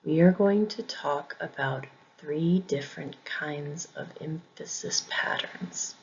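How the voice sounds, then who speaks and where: A woman's voice: low-pitched, vocal fry, a little mellow, slightly rough, muffled recording. A woman teaching English pronunciation, speaking carefully and repeating each word for learners to copy. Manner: careful, deliberate, repeats words for drilling. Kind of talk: slow, clear pronunciation lesson.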